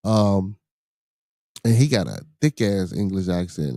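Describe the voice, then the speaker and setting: Chicago man host, loose profane rambling talk, warm tone, dry mic. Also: low voice, lively intonation, measured pace, long pauses, no room sound. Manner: loose, profane, repeats himself, many restarts. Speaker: podcast host reading viewer comments. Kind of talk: casual livestream chat.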